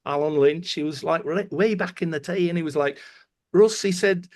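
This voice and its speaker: A middle-aged man co-hosts a relaxed podcast, spinning lively backstage anecdotes. His voice sits a little high for a man. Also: a little fast. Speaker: podcast co-host. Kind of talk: casual chat.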